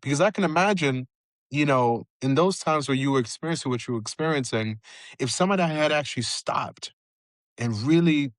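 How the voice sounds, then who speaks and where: A male podcast host with a mid-pitched voice asks long, reflective questions, often pausing on filler phrases. The recording is close and dry, with no room sound. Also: dry recording. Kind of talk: interview conversation.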